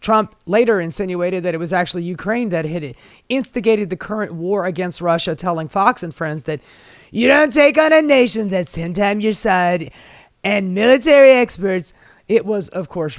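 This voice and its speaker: A man's voice: high-pitched, no echo, studio quality. A man giving sarcastic, profane political commentary. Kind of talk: commentary video.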